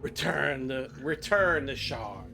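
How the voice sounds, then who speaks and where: A man's voice: medium pitch, animated, takes it slowly, gravelly, pushed and bright, slight background noise, heavily acted. A man doing a greedy, grasping frost giant. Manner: greedy, wheedling, like Gollum.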